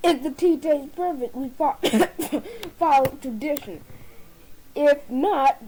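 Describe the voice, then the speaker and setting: High-voiced woman stumbling through a comic toast. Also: warm tone, slight background noise, low-quality recording. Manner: stumbles and restarts words often. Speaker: speaker giving a dinner toast. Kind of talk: comedic formal toast.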